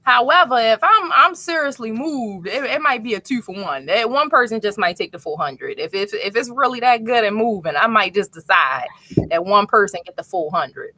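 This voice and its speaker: Bright Baltimore woman hosting a livestream. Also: fairly high pitch, moderate pace, no room sound. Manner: animated, playful, repeats phrases for emphasis. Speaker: host and instructor. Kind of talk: casual livestream talk show.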